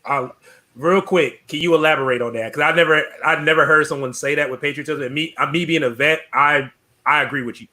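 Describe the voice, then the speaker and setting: A man's voice: on the high side, a little fast, bright, forceful tone. A man, a military veteran, hosting a casual interview, hesitant and full of fillers.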